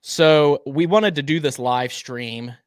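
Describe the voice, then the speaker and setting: A man's voice: a little high, slow pace, clear, resonant tone, no echo, studio quality. Chatty man greeting a live audience. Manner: chatty, greets viewers by name, stumbles over words. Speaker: livestream co-host. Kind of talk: casual live chat.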